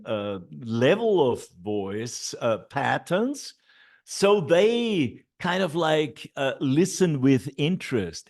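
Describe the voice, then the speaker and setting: Slow, lively-pitched male teacher trainer. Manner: explains classroom steps slowly, with many fillers and repeated et ceteras. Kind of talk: online teacher training talk.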